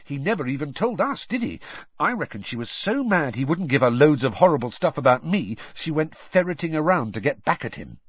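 A man's voice: on the high side, big pitch swings, a little fast, slightly rough, no echo, highs cut off, voice pushed up. A man voicing an angry teenage schoolboy who snaps and snarls in a storybook reading. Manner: angry, snapping.

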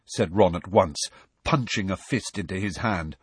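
Husky man narrating a story. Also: deep voice, normal speed, no echo. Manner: expressive storybook reading. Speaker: audiobook narrator. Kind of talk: scripted narration.

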